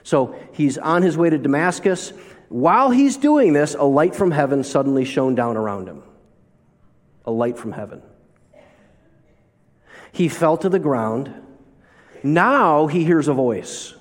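A man's voice: a little high, very animated, a little slow. A man preaching a sermon as a pastor, telling stories and asking the listeners rhetorical questions. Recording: long reverb of a large hall.

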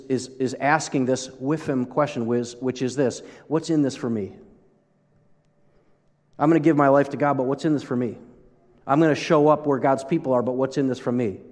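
A man preaching a sermon as pastor, conversational and animated, often breaking off and restarting his sentences. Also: mid-range voice, in a large hall. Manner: conversational, animated, self-interrupting.

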